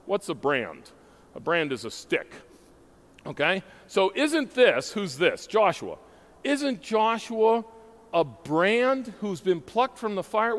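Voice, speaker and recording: A man's voice: fairly high pitch, fairly bright tone. A man preaching a sermon, emphatic and asking his listeners questions as he teaches. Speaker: pastor. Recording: hall reverb.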